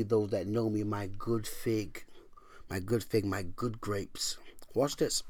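Dynamic preaching pastor, dry sound. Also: male voice, medium pitch, dry recording. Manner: dynamic preacher, swings from hushed whispers to loud emphatic lines; repeats phrases for emphasis, quotes scripture in old-fashioned wording. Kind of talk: sermon.

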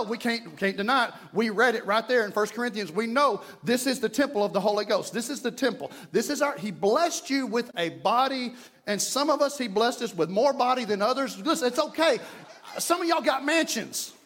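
High-voiced fervent male preacher. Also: animated, normal speed. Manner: fervent preaching, shouting at peaks, acting out prayers. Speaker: pastor. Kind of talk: sermon. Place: church sanctuary.

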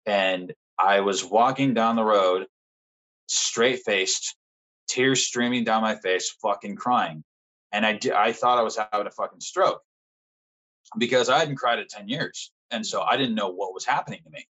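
A young man as a podcast guest, frankly telling a personal story in casual conversation, swearing often and pausing with fillers. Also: fairly low pitch, fairly bright tone, poor audio.

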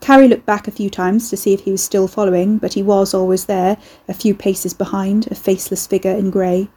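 A woman reading a novel aloud in steady scripted narration. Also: mid-range voice, fairly quick, slightly rough, rough recording. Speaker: audiobook narrator.

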